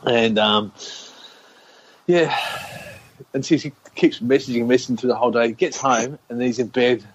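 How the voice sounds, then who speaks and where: A man's voice: medium pitch, normal speed, slightly rough. Man telling a wild story, lo-fi. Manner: animated anecdote teller, swearing, laughing, acting out quotes. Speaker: podcast co-host. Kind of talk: casual storytelling chat. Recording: slightly dull lo-fi sound with faint noise.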